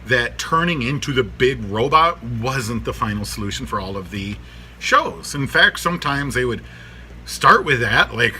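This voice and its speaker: A man in his thirties talks casually to camera from his workshop, rambling and laughing as he goes. His voice is very bright and forward, and his pitch swings widely. A faint noise hangs under the recording. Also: expressive, measured pace. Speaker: vlogger reviewing a cartoon.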